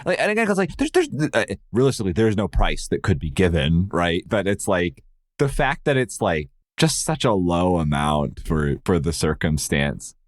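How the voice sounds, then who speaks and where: A man co-hosting a podcast, rambling and amused, full of "like"s. His lower voice swings widely up and down in pitch. The sound is dry and close. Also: normal speed, no echo. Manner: animated, amused, rambling with many "like"s. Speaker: podcast co-host. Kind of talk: casual podcast chat.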